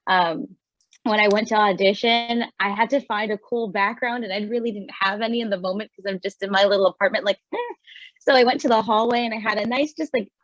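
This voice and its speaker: A woman from New York City on a video call, telling her story as a voiceover contest winner in a bubbly, quick way. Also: medium pitch, dry recording, highs cut off. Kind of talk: casual video call chat.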